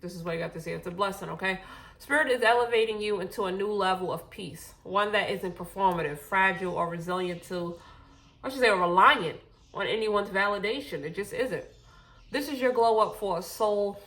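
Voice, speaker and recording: A woman's voice: medium pitch, a little fast, a bit bright. A woman giving a casual spiritual tarot reading, out of breath, reassuring and often correcting herself. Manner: reassuring, repeats okay, self-corrects often. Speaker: tarot reader.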